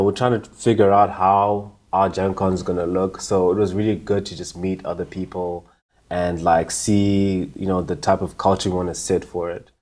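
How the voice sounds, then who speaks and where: A man's voice: deep voice, a little mellow. A young man from Zimbabwe, a conference organizer, answering interview questions in an easygoing, thoughtful way.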